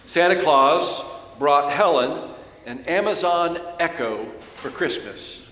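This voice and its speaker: A man, a pastor, preaching a sermon in a church and telling a story, lively when he quotes others. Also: on the high side, slow pace. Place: church sanctuary. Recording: echoey church hall with long reverb.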